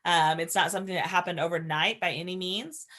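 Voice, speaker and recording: Woman, fairly low voice, foster parent trainer, earnest, conversational lecture. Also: fairly even intonation, a little fast, a bit bright. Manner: earnest, explanatory, shares personal stories.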